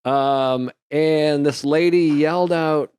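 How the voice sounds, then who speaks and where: A man co-hosting a comedy podcast, telling crude stories fast in casual banter and mocking people with put-on voices. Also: fairly high pitch, steady tone, a little mellow, clean tone.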